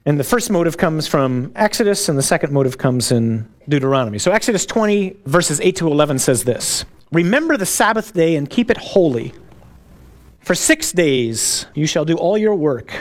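A man's voice: a little high, big pitch swings, moderate pace. A man preaching a sermon as a priest, in a conversational, joking way, asking his congregation questions.

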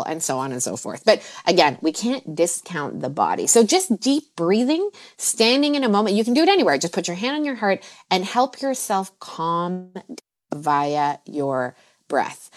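A woman, a mindset coach, talking casually on a podcast, laughing often and jumping into high exaggerated voices when she quotes herself, then going soft and low when she talks about calming down. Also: normal speed. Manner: laughs often mid-sentence. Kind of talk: conversational podcast advice.

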